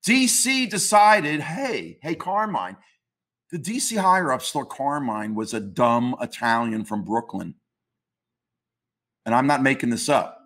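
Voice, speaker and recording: A man's voice: medium pitch, animated, measured pace, a bit bright. A man, a comics historian interviewed as a guest, arguing his views emphatically in a ranting tone and swearing casually. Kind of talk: opinionated interview talk.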